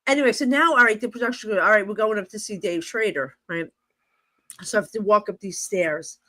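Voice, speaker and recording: An expressive New Jersey woman telling a story. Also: medium pitch, fairly quick, no room sound. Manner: expressive, acts out dialogue, laughs often. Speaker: psychic medium guest. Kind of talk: animated storytelling in a podcast interview.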